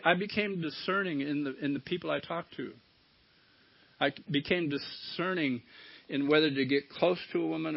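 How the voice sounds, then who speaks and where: Gravelly middle-aged guy sharing at a recovery meeting, candid and salty, muffled lo-fi tape. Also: a little high. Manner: candid, storytelling, swears casually. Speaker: recovery speaker. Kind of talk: personal share at a recovery meeting. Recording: dull lo-fi talk recording.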